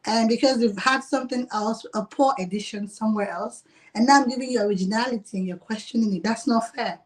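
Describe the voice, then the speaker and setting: A woman's voice: fairly high pitch, fast. A woman who owns a restaurant, chatting in a casual interview over a video call, laughing often and filling her talk with "like". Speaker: restaurant owner.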